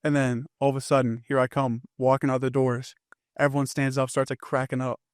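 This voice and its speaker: A man's voice: mid-range voice, level tone, dry recording, clean studio sound. A young man, a football team captain, telling stories in casual chat with lots of fillers. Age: young adult. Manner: fast storytelling with lots of fillers.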